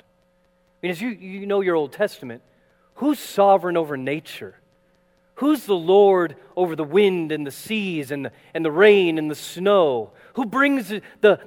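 High-voiced preacher in a reverberant hall. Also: male voice. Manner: dramatic, swings between loud acted quotes and hushed asides. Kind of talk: sermon. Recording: long reverb of a large hall, faint mains hum.

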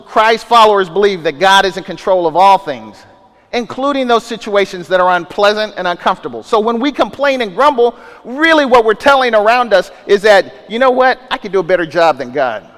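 A man's voice: sits high, a bit bright. A male pastor preaching a sermon in a conversational way, asking rhetorical questions and restarting his sentences often. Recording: long reverb of a large hall.

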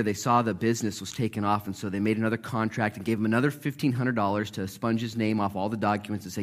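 A man preaching in church to a congregation. He is animated and jokes, and acts out the voices of Bible characters. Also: on the low side, fast, hardly any pauses. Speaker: pastor. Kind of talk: sermon.

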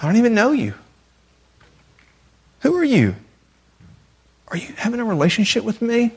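Man doing a patient, questioning Jesus in a sermon, slightly high voice, pointed short questions. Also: wildly swooping pitch, moderate pace, slightly rough, heavily acted. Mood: searching. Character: patient, gently questioning Jesus speaking to a believer.

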